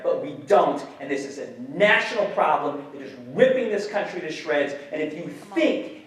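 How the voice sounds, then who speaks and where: A man giving a public lecture as an educator, animated, questioning the audience and swearing casually. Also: sits high. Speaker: guest speaker, educator. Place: lecture hall. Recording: echoey hall, mic some distance off.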